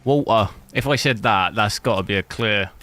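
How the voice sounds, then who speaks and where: Casting: English male streamer, bright voice, easy rambling chat to viewers. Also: fairly low pitch, moderate pace. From England. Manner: rambling, chatty, searches for words aloud. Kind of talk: casual live-stream chat while gaming.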